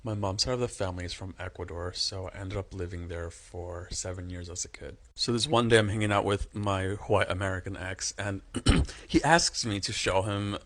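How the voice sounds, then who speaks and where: A man telling a story to camera in a brisk, dry way. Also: deep voice, fairly bright tone.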